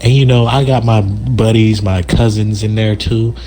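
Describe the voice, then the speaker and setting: A man's voice: on the low side, level tone, normal speed, gravelly, mellow, slight background noise. A man telling a story from school in a casual chat with a friend, slangy and exaggerated, laughing as he goes.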